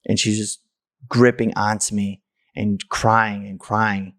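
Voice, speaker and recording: A man's voice: lowish voice, level tone, moderate pace, a bit bright. A man, a podcast host, telling a personal story candidly and emotionally, stammering and restarting as he goes.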